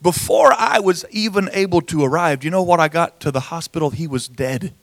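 A hoarse man preaching a sermon in church, drawing out his words, breaking into song and calling out to the congregation. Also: fairly high pitch, no room sound, clean studio sound. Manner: slow, drawn-out delivery with rising shouts and sung phrases. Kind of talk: sermon with prayer and singing. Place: church service.

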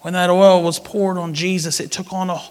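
A man preaching a sermon, telling a personal story with animated, sudden loud outbursts. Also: high voice, moderate pace.

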